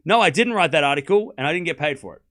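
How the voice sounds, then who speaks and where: A young man hosting a live tennis watchalong, chatting excitedly with viewers and calling scores. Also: a little high, racing. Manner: chatty and excitable, laughs often, repeats phrases, calls out live scores. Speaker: livestream tennis watchalong host. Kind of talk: casual live-stream commentary chatting with viewers.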